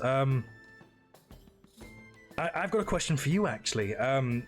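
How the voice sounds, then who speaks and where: A man's voice: mid-range voice, animated, unhurried, long pauses, faint music behind. Hesitant man in tabletop role-play. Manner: hesitant, many restarts, self-deprecating laughs. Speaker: tabletop game player. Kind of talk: in-character role-play chat.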